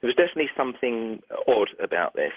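A middle-aged man, a doctor, telling a story in a phone interview, animated and restarting sentences often. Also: medium pitch, fast, slightly rough, no echo. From United Kingdom. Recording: tinny dry phone line.

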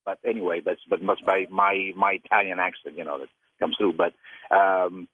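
A man's voice: deep voice, steady tone, moderate pace, slightly rough. A man calling in to a radio show, rambling and combative, full of fillers. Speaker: caller. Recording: tinny phone line on radio.

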